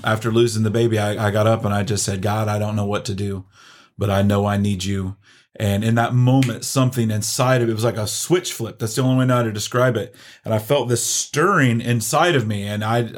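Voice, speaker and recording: A middle-aged man giving an earnest, halting personal testimony, full of restarts. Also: mid-range voice. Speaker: guest sharing testimony.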